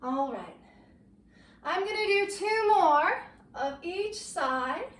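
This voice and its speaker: A woman leading a low-impact workout, giving gentle, encouraging cues and getting winded from the exercise. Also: animated, slow, roomy sound, recorded from a distance, low-quality recording. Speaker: fitness instructor. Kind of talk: guided workout instruction.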